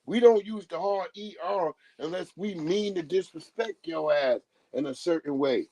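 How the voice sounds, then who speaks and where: Loud, profane man ranting on a livestream. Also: on the high side, moderate pace, no room sound. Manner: profane, animated, laughs often, mocking. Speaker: livestream commentator. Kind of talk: casual live-stream rant.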